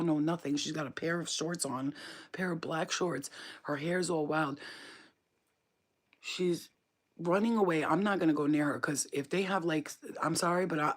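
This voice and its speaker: A woman's voice: sits low, slightly rough. A woman livestreaming as a psychic reader, casually telling a story to her chat, swearing often and repeating phrases for emphasis.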